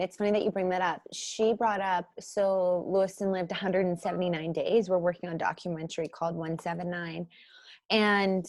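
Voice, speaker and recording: A woman's voice: dry recording, clean studio sound. Chatty woman in her thirties. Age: 30s. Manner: chatty, frequent fillers like "um" and "like"; animated when acting out quotes, jumps high and loud. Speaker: podcast guest, author and mother. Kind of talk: candid conversational storytelling.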